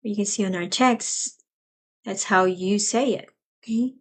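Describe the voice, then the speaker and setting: A woman teaching a live language lesson, explaining patiently and repeating each phrase slowly. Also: mid-range voice.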